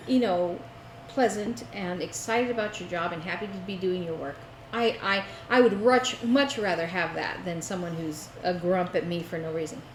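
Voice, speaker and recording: Woman telling a story, echoey room. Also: fairly low pitch. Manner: animated, laughing storyteller. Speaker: co-host. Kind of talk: casual storytelling chat. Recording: echoey room with faint noise.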